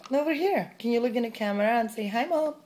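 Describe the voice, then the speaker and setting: A woman's voice: a little high, expressive, fast, a little mellow, a little hiss or hum. A pregnant mother filming at home, coaxing her toddler with sing-song, encouraging questions.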